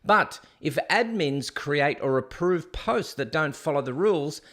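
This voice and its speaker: A man's voice: a little high, expressive, measured pace, fairly bright tone. A middle-aged man with an Australian accent hosting a casual solo livestream, chatty and jokey as he rambles and reads viewer comments aloud. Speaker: host.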